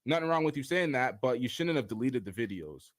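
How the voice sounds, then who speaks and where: A man on a live stream reads comments from the chat aloud and rebuts them in blunt, profane casual talk. His pitch sits in the middle range. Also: lively intonation, fairly quick.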